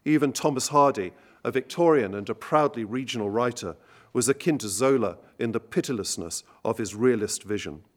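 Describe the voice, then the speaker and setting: Measured male lecturer reading poetry aloud. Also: medium pitch. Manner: measured, literary delivery with slowed emphasis on quoted lines. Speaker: speaker introducing songs at an evening recital.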